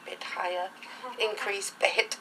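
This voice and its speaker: A woman's voice: mid-range voice, little pitch movement, takes it slowly, creaky, sharp tone, a little hiss or hum, low-quality recording. A middle-aged woman talking casually in an interview, rambling through anecdotes in a chatty way. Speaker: interviewee, reborn doll collector.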